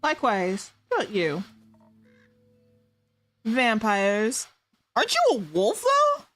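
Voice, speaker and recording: A woman streamer doing giggly, playful improvised role-play, stumbling over made-up fantasy names. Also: fairly high pitch.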